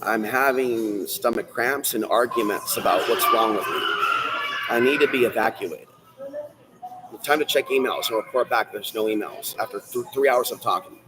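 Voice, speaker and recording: A man hosts a solo livestream, ranting and rambling straight at his viewers and the chat. He lurches between loud outbursts and low muttering, and the recording is rough.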